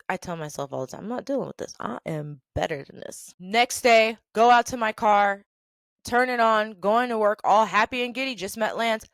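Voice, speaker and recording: A woman hosting her own show, telling a story in a casual monologue with animated, sassy delivery and big swings in loudness. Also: lowish voice, dry recording. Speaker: storytelling host.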